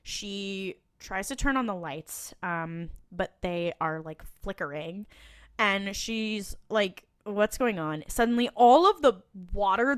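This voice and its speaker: A chatty woman co-hosting a rewatch podcast, recapping scenes with frequent laughs and acted-out quotes. Her pitch sits in a middle range, and the sound is close and dry with no room echo. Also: a bit bright. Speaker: podcast co-host.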